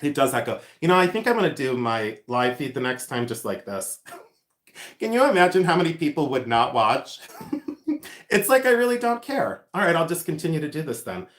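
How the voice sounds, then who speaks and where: A man's voice: on the high side, big pitch swings, brisk, a bit bright. A man hosting a casual livestream, reading out viewer comments and rambling with lots of ums and laughter. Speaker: livestream host selling vintage jewelry. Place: echoey room. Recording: echoey room sound.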